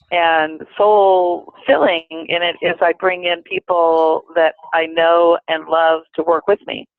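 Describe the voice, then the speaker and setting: A woman speaking on a group call, unhurried and reflective, with many fillers. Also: lowish voice, dry recording. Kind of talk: casual sharing on a call. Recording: tinny phone line.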